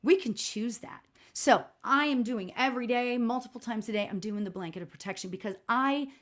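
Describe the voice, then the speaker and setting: A middle-aged woman hosting a live stream as a spiritual medium, telling a personal story in a chatty, expressive way with a loud voice. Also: fairly high pitch, a little fast. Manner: chatty and expressive, frequent "right?" and laughs; self-described loud voice. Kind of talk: casual livestream storytelling.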